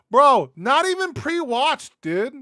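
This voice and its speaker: A man's voice: very high voice, pushed and bright. A man from Arizona giving a casual, profane reaction rant as a YouTube commentator, rambling and laughing a lot. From Arizona, USA.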